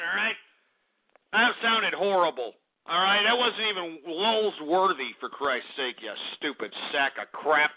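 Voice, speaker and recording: A man's voice: high-pitched, animated, a little slow. A male call-in radio host, brash and profane, out of breath, mocking his callers. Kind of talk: crude comedic call-in radio. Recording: tinny phone-line radio with faint music.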